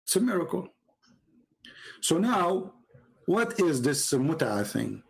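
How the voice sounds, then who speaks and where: A man giving mocking, sarcastic commentary as he reads from a website on screen. He swings from low mutters to sudden high exclamations. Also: sing-song, slow pace, creaky, low-quality recording. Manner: mocking and sarcastic, with exaggerated mock praise. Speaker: religious debater and commentator.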